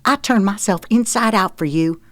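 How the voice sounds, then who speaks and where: A woman voicing an angry, hurt young mother who snaps and shouts into the phone in an audiobook. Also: mid-range voice, moderate pace, dry recording, voice pushed up, close to an everyday voice. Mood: furious. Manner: sharp, heated, rising to shouts. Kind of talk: audiobook character voice.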